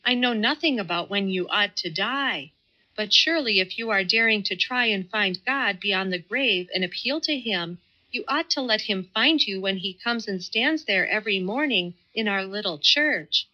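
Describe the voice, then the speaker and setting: A woman's voice: mid-range voice, expressive, normal speed, bright, forceful tone. A woman reading an audiobook, voicing a simple, devout young village woman who talks earnestly and pleadingly. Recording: slightly muffled audio.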